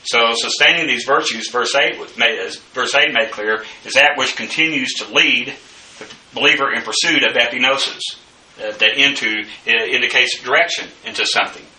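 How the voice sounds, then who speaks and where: A man teaching the Bible verse by verse, in a slow, deliberate lecturing manner with frequent fillers. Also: mid-range voice, sharp tone. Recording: echoey room, mic at a distance.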